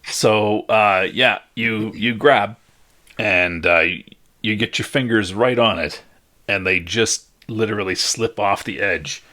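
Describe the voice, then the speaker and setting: A man narrating a tabletop game as game master, laid-back and pausing often with fillers. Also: lowish voice, bright, forceful tone.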